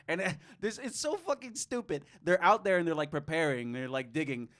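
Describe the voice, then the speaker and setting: A man's voice: fairly high pitch, expressive, moderate pace, fairly bright tone. A man co-hosting a podcast, giving a casual, sarcastic movie review with plenty of swearing and laughter. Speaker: podcast co-host.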